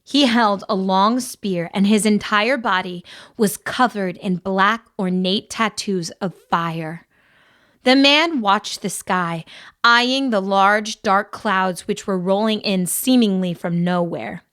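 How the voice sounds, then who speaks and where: Woman narrator, measured audiobook reading, mid pitch. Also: a bit bright, clean tone. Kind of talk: scripted narration.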